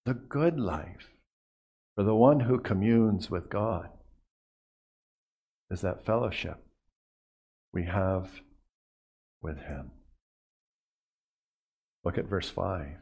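A man preaching a sermon as a pastor, earnest, often dropping to a hushed voice on key phrases and repeating words as he goes. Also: low voice, lively intonation, drawn-out words, vocal fry, long pauses, slightly rough, muffled recording.

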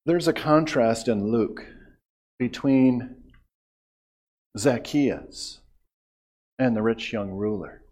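A man preaching an expository sermon with measured pauses, dropping to a hush and then rising to emphatic declarations. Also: medium pitch, slightly rough. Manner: dramatic swings from hushed to emphatic; measured delivery with long pauses.

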